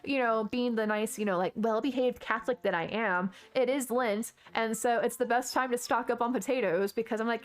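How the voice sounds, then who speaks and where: A woman's voice: on the high side, brisk, few pauses. A woman streaming a game live, chatting in a bubbly way that is full of gasps and exclamations. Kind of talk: casual gaming stream chat.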